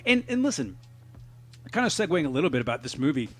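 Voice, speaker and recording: A man's voice: on the high side, sing-song, quick pace, a bit bright, soft background music. A man co-hosting a podcast, talking casually and profanely, laughing often. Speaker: podcast co-host. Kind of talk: casual chat.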